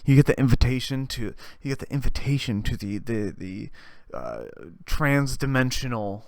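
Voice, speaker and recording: A man's voice: medium pitch, moderate pace, gravelly, no echo. Rambling young man, dry close sound. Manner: animated, swings between loud rants and quiet mumbling. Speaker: podcast host. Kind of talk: rambling comedic monologue.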